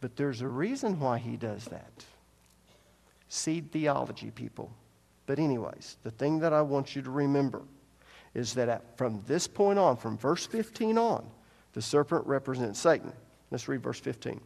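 A man's voice: a little high, expressive, moderate pace, gravelly, darkish tone. A man preaching a sermon as pastor, emphatic, repeating his key points and asking the congregation rhetorical questions. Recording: long reverb of a large hall.

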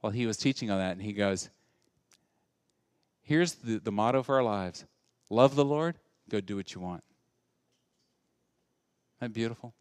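A male pastor preaching a sermon, moving between loud, animated passages and hushed, intimate ones. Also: lowish voice, moderate pace, pauses often, smooth, no echo, clean studio sound.

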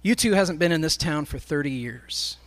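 A man's voice: on the high side, expressive, moderate pace. A man speaking to a live congregation, telling a story in a sermon as he addresses the crowd directly.

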